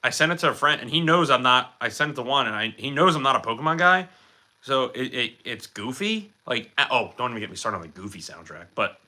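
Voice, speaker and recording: Young male streamer, very bright tone, casual rambling chat answering viewers. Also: medium pitch, lively intonation, quick pace. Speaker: streamer showing his collection.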